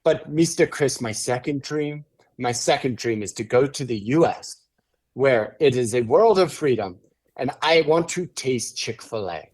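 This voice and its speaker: A man voicing an earnest young male waiter from Haiti who speaks slowly, quietly and humbly. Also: medium pitch, expressive, pitched below the performer's own voice. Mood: tearful hope.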